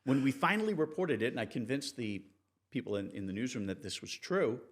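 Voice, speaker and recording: A man in a sit-down interview, recalling his reporting days with lively storytelling energy. He has a mid-range voice and often jumps up in pitch when he acts out what others said. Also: a little fast. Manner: animated, acts out quoted people with raised pitch. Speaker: investigative TV reporter, guest.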